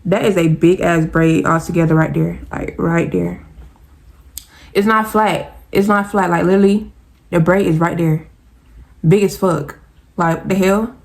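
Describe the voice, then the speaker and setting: Her pitch is fairly low and her pace measured: a young Southern woman with an Atlanta accent, telling her viewers a story in a casual vlog, animated and exasperated as she talks straight to them.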